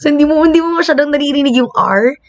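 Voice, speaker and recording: A woman's voice: high voice, lively intonation, rapid-fire, highs cut off. A young Filipino woman teaching an online lecture in a chatty, casual way, with a Filipino accent and frequent laughs and fillers. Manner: chatty, laughs often, uses many fillers. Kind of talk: casual online lecture mixing English and Tagalog.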